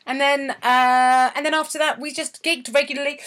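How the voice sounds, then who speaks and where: A woman's voice: high-pitched, fairly even intonation, normal speed, a bit bright. A middle-aged woman co-hosting a comedy podcast, chatting casually, laughing often and slipping into silly voices. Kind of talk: casual chat.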